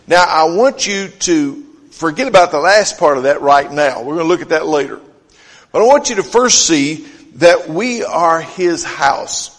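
A pastor preaching a sermon who reads scripture aloud and drives home each point with short repeated phrases. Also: male voice, a little high, fairly bright tone. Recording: long hall reverb.

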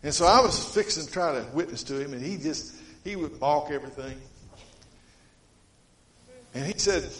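A man preaching a sermon, his voice a bit higher than most men's. He tells folksy stories, swinging from emphatic to hushed. The sound is roomy and echoey, like a church. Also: normal speed, long pauses.

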